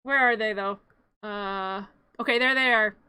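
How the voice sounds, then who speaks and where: A woman's voice: medium pitch, steady tone, measured pace, sharp tone, smooth, no room sound. A woman streamer who narrates a home-made parody in a playful, rambling, jokey way. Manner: giggly, rambling, jokey, with many restarts.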